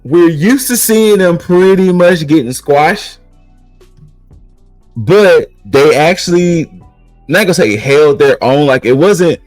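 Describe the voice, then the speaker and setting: A man's voice: fairly high pitch, animated, takes it slowly, darkish tone, no echo, faint music behind, low-quality recording. A man co-hosting a podcast, recapping in casual chat and rambling with repeated restarts. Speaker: podcast co-host recapping wrestling.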